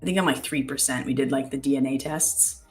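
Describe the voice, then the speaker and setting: Young woman from canada, low voice, casual rambling live-stream chat. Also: quick pace, soft background music. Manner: chatty, reads viewer comments aloud. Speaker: trading show host.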